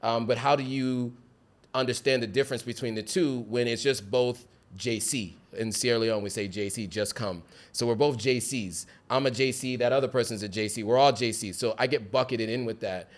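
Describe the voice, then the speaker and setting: A man from the United States, a guest on an interview, speaking in a measured, reflective way. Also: medium pitch, steady tone. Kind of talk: casual interview chat.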